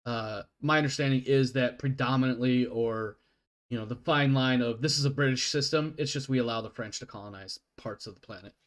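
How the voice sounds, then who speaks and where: A man's voice: medium pitch, fairly quick. A man running a tabletop game as game master, rambling and often stopping to apologize. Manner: rambling, self-interrupting, apologetic.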